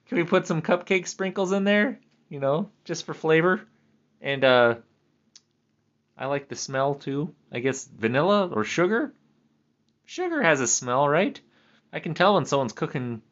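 A man chatting casually in a rambling monologue, laughing often and swinging his pitch up for jokes. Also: lively intonation, normal speed, pauses often, a bit bright, lo-fi sound. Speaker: vlogger. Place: at home.

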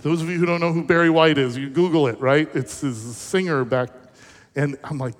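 A man, the pastor, preaching a sermon in an animated, conversational storytelling way, asking the audience questions. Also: fairly high pitch, fairly quick. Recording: echoey hall reverb.

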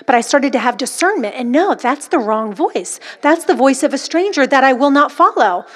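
Woman preacher, high voice, emphatic and dramatic delivery. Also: lively intonation, brisk, hardly any pauses. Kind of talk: sermon.

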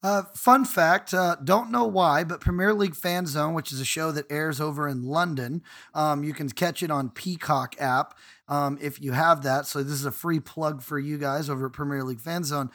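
A man's voice: on the high side, steady tone, normal speed, fairly bright tone. A man co-hosting a casual podcast, ranting emphatically and swearing freely. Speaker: podcast co-host.

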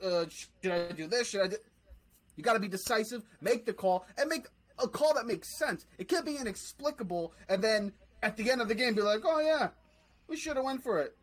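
A man's voice: high-pitched, slightly rough, poor audio. A man co-hosting a sports podcast, ranting in a fired-up way and swearing freely. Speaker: podcast co-host. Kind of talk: casual sports podcast chat.

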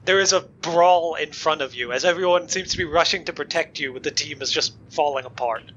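A man narrating as game master of a tabletop game, giving calm, matter-of-fact rulings. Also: on the high side, fairly quick, highs cut off, slight background noise.

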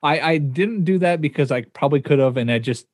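A man's voice: a little high, a little fast, darkish tone, no echo, studio quality. A man in his thirties co-hosting a casual movie chat, rambling and self-deprecating. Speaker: podcast co-host.

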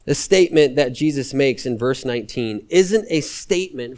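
Animated, lively guest preacher man. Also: mid-range voice, moderate pace, few pauses. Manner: animated, conversational preaching with repetition for emphasis. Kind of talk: sermon.

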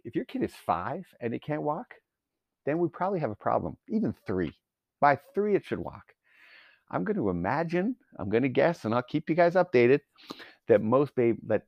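A man's voice: fairly low pitch, a little mellow, dry recording. Profane, exasperated man ranting solo. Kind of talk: solo rant.

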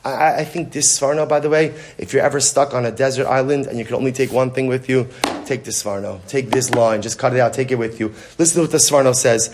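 A man giving an animated Torah lecture, repeating phrases for emphasis and reading Hebrew verses aloud. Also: on the high side, brisk. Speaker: rabbi teaching Torah.

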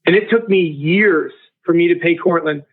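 A man in his forties, appearing as a guest, tells a personal story and acts out other people's lines with a lively shift in tone. His voice is on the high side at a moderate pace, heard over a tinny, phone-like remote line.

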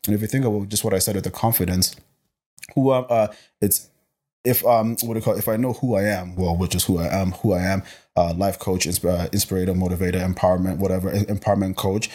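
Lower-voiced man, passionate and energetic. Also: fast talker, husky. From grew up in Botswana. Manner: energetic, passionate, many restarts. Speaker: interview guest, life coach. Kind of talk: casual interview talk.

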